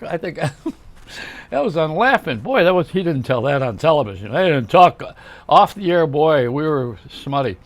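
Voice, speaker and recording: An older male host rambles through a comedic monologue, tossing off wisecracks and one-liners as he talks straight to the viewer. His voice sits a little higher than most men's. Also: big pitch swings, takes it slowly, long pauses.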